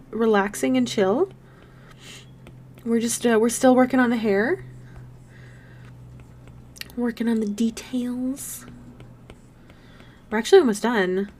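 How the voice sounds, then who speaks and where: Bubbly, chatty young woman streamer. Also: fairly high pitch. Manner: bubbly, gushing, giggly. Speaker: streamer and artist. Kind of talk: casual live stream chat while drawing.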